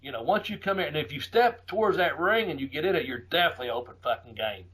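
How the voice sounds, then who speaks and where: A middle-aged man, a podcast host casually telling profane, animated stories and laughing often. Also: fairly high pitch, fast, slightly rough, rough recording. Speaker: podcast host and former wrestler. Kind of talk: casual storytelling.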